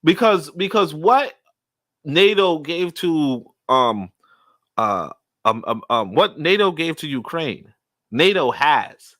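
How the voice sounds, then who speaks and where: Bright-voiced man ranting on a livestream. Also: on the high side, sing-song, slow pace. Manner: rambling, with many restarts, and blunt cursing. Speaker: podcast host. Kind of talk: livestream commentary monologue.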